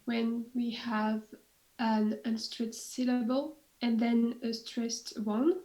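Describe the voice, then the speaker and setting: A woman student answers in class, slow and careful. Her voice sits a little high, flat in pitch and mellow in tone. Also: low-quality recording.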